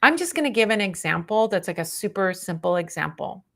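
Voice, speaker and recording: A middle-aged woman giving a casual tarot reading on a livestream, chatty and animated, often adding "right?" and laughing. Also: medium pitch, a little fast, vocal fry. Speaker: tarot reader.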